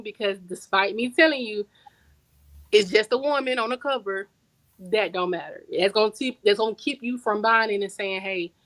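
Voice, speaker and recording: A woman guest author chatting casually on a podcast, telling stories in relaxed slang and repeating words for emphasis. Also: medium pitch, dry recording, low-quality recording. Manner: storytelling, conversational slang.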